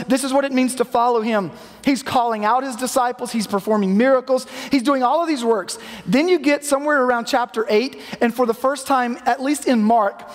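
A man with a fairly high voice preaches to his congregation in an easy, conversational manner. He now and then acts out quoted lines. His voice carries a long reverb from the church hall around him. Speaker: pastor. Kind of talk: sermon. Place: church sanctuary.

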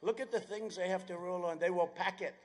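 A man giving a political rally speech outdoors at an airfield. He rambles, drifts into sarcastic asides, and bursts into shouting. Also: high-pitched, fairly even intonation, quick pace. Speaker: campaign speaker.

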